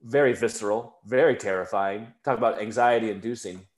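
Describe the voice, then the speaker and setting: A man's voice: lowish voice, brisk. A young man co-hosting a casual movie chat, telling stories with enthusiasm. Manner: enthusiastic, storytelling. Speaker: podcast co-host. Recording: echoey room.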